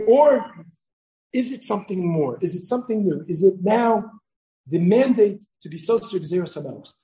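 A middle-aged man teaching a Torah lesson to a room of students in a relaxed, talky way. His voice sits a little high for a man yet sounds dark and mellow. He keeps checking in with "right?" and slips Hebrew and Yiddish terms into plain English. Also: normal speed, poor audio. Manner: conversational, asks "right?" often, tells personal stories. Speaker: rabbi teaching a class.

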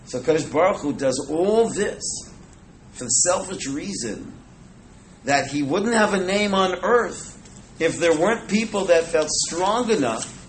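A man's voice: high-pitched, slight background noise, low-quality recording. A man teaching an informal Torah class to a live audience, chatty and joking, dropping Hebrew and Yiddish words. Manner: conversational, jokes with the audience, Hebrew and Yiddish terms.

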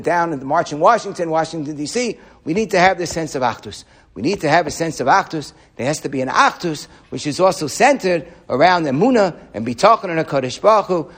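A man giving a sermon as a rabbi, animated and repeating phrases for emphasis. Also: fairly high pitch.

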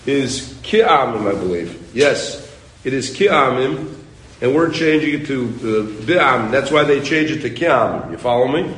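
A man teaching a Talmud class, quizzing his students with quick questions and pushing them to read on. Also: medium pitch, lively intonation, a bit bright, echoey room, rough recording.

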